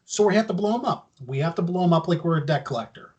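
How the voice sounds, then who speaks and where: A man's voice: on the high side, expressive, fast, darkish tone, low-quality recording. A man co-hosting a podcast, telling a teasing story about a late friend in casual banter. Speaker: podcast co-host.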